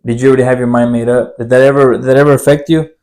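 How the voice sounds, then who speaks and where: A man hosts the podcast and puts searching questions to his guest. He restarts and reshapes his questions while he talks, in an easy conversational voice at an ordinary pitch. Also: flat delivery, very fast, crowd noise. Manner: searching, rephrases questions as he goes. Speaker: podcast host. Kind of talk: interview questions.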